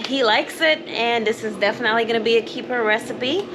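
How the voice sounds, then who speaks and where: A woman's voice: a little high, a little fast, noisy background. A woman hosting a home cooking video, explaining each step in a chatty way from her kitchen. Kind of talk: casual cooking demonstration.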